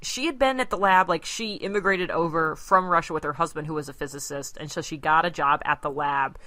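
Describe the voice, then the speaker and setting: A woman's voice: sits low, a little fast, pushed and bright. A woman co-hosting a podcast, telling a work story in casual chat and acting out the quotes. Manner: chatty storyteller, acts out quotes. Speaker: podcast co-host.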